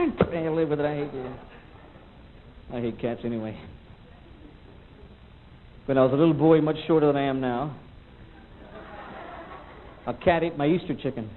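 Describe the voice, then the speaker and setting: A middle-aged man doing a cranky, animated stand-up routine on a club stage, recorded on an old VHS tape. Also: fairly high pitch, phone-quality sound, slight background noise. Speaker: stand-up comedian.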